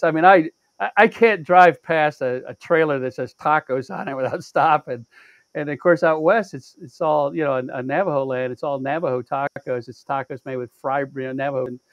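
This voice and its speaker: A man with a high voice tells stories in casual chat, animated and salty, full of stammered repeats and quick restarts. His voice sits close and dry, with no room around it. He leaps between calm stretches and bursts of excitement. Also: no room sound. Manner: animated, profane, acts out quotes with big pitch jumps. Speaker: show regular.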